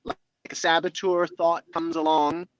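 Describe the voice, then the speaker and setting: A man's voice: on the high side, unhurried, low-quality recording. A man speaking as a guest in a motivational interview, talking expressively and acting out inner dialogues. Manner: expressive, acts out inner dialogues in other voices.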